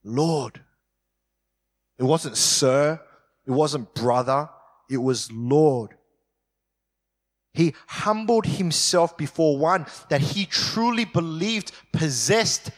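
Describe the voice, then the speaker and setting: Emphatic preacher in a reverberant hall. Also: male voice, fairly high pitch, lively intonation. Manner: emphatic, slows down to stress key words. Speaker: pastor. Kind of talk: sermon. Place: church hall.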